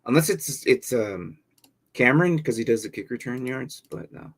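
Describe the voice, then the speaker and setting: A man's voice: mid-range voice, animated, moderate pace. Rambling casual live-stream host, man. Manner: thinks aloud, reading viewer questions, with many fillers and repeats. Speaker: livestream host answering fantasy football questions.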